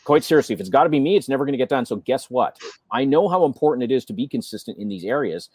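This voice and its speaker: A man co-hosting a business show, talking in an animated way with rhetorical questions. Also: medium pitch, very fast, slightly rough, dry recording, studio quality. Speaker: co-host. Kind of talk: business podcast chat.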